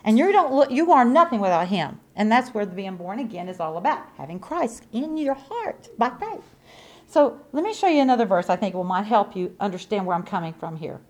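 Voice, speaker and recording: A woman preaching a sermon, emphatic and repetitive, with folksy asides to the congregation and swings from loud to soft. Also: medium pitch, big pitch swings, fairly quick.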